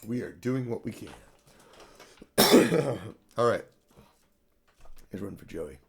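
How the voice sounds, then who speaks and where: A man hosting a live music stream, chatting casually between songs in an easygoing way that trails off into quiet, mumbled asides. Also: fairly low pitch, expressive, slow pace, creaky. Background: acoustic guitar.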